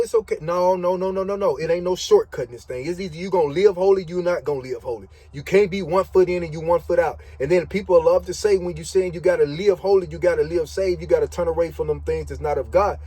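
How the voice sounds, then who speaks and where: A man talks into his phone from the cab of his parked truck at night, sharing an earnest faith testimony. His voice is mellow and husky. He repeats phrases and stretches the words he wants to stress. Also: mid-range voice, low-quality recording. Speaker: truck driver and vlogger. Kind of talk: emotional faith testimony vlog.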